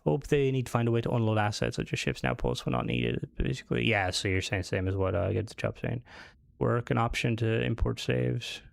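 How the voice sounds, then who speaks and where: A man's voice: fairly low pitch, animated, brisk, creaky, no echo, clean studio sound. A young man with an Americanized Irish accent, streaming a game live and chatting with viewers in a casual, rambling way with frequent swearing. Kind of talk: live gameplay commentary.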